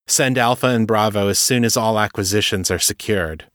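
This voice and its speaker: A man voicing a stern, gruff male team leader who gives terse, commanding orders. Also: fairly low pitch, normal speed, a bit bright, no room sound, clean studio sound, close to an everyday voice.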